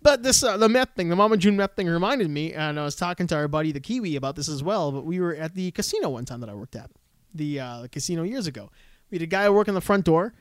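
A man with a high, quick voice rattles through stories in casual chat, swearing freely and acting out the people he quotes. The sound is dry and close to the mic. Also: lively intonation, no room sound. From Canada. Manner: rambling storyteller, swears freely, acts out quotes. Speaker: podcast co-host.

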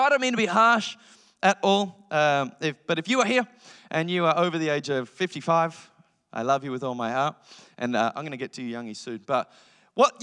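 Animated young male preacher in a hall. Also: on the high side. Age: young adult. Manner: animated, joking, mimics entitled voices. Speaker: pastor. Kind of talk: sermon. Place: church hall.

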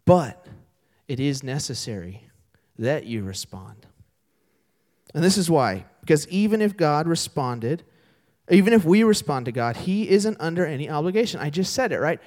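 Animated young male pastor preaching. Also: fairly high pitch, normal speed. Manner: animated storytelling with voiced characters. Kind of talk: sermon. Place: church sanctuary.

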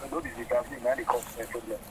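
A man calling in to a radio show by phone who speaks Nigerian Pidgin in a quick, earnest way. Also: medium pitch, steady tone, gravelly, a little hiss or hum, poor audio. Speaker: caller.

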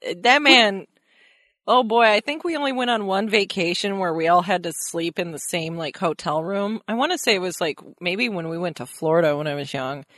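A woman's voice: lowish voice, normal speed, fairly bright tone, no echo, studio quality. A young woman co-hosting a podcast in casual chat, joking and swearing freely. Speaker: podcast co-host.

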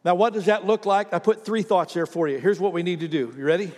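A man's voice: sits high, fast. A man preaching a sermon, telling stories with acted-out voices and calling on the congregation to respond. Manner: animated storytelling, acts out voices, asks the congregation to respond. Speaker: pastor. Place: church hall with congregation. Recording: reverberant hall.

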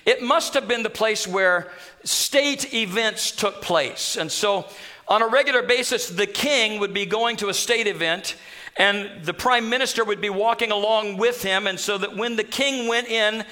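A man preaching a sermon, telling a scripture story with animated humor. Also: high-pitched, unhurried. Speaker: pastor.

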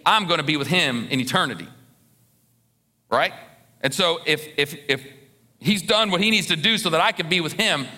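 Male pastor, slightly high bright voice, earnest sermon delivery with repeated words. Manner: earnest preaching, repeats words when emphatic.

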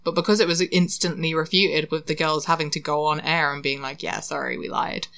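A lowish-voiced English woman from London, talking in a lively, ranting way. She laughs and swears as she chats casually on a podcast. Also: a little fast. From England. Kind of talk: casual chat.

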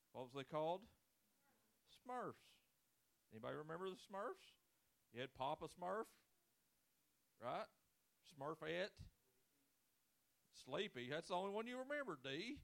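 A man's voice: on the high side, gravelly, fairly bright tone. A man in his forties, a pastor preaching a sermon with folksy, joking storytelling and casual grammar. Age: 40s.

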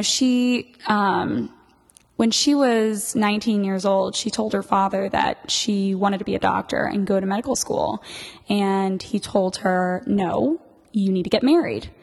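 Lively woman storyteller, hall reverb. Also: medium pitch, measured pace, creaky. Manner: lively, laughs often, does voices. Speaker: storyteller guest. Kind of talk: casual podcast chat.

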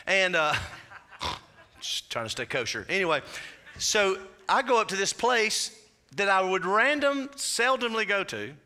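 Guy pastor giving a sermon, high bright voice, tells stories casual-like. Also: sing-song, measured pace, long pauses. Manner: storytelling preacher, conversational asides.

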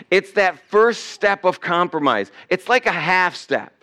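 A man's voice: on the high side, lively intonation, moderate pace, hardly any pauses, bright, forceful tone. A male pastor preaching a sermon in a conversational way, now and then acting out the people in the story. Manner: conversational preaching, acts out quoted voices. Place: church sanctuary.

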